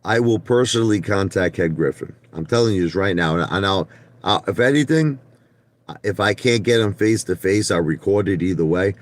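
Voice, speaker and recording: Deep voiced guy ranting at his chat on a live stream, blunt, keeps tripping over his words. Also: normal speed. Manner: blunt, repetitive, stumbles and restarts; talks straight to chat viewers by name. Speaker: livestream host.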